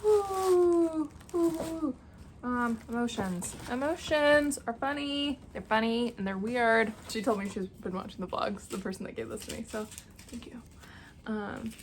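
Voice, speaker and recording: A woman's voice: a little high, a little hiss or hum. A young woman vlogging casually at home, gushing with effusive exclamations. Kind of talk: casual vlog chat. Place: home apartment, indoors.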